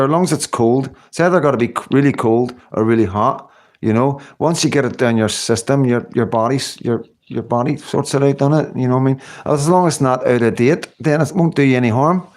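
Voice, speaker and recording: A man's voice: medium pitch, fairly quick, a little mellow. A man hosting a casual livestream, rambling through viewers' comments with lots of fillers and tag questions. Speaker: livestream host.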